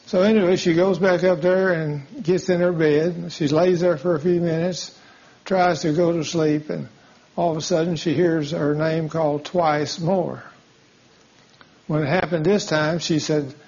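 A man's voice: a little high, fairly even intonation, normal speed, darkish tone. A man preaching a sermon, telling a folksy story and acting out the dialogue. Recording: dull lo-fi sound.

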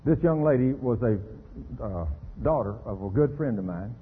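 A middle-aged man preaching an animated radio sermon, full of rhetorical questions. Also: mid-range voice, moderate pace, husky. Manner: animated, rhetorical questions, acts out quoted voices. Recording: tinny phone-like radio broadcast with reverb.

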